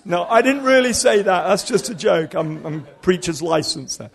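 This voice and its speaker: High-voiced animated male preacher. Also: normal speed, vocal fry, hardly any pauses, breathy edge. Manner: animated, humorous storytelling. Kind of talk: storytelling sermon.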